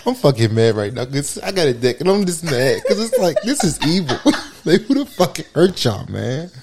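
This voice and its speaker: Profane animated man, wildly swinging pitch. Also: normal speed, very noisy. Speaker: podcast co-host. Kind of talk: casual banter.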